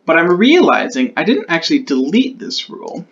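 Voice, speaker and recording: A conlang creator walks through his own invented sound changes in a relaxed, explanatory way, reasoning out loud and fixing his slips as he goes. His voice sits fairly high and swoops wildly in pitch, at a normal pace with a slightly bright tone, though the recording is muffled.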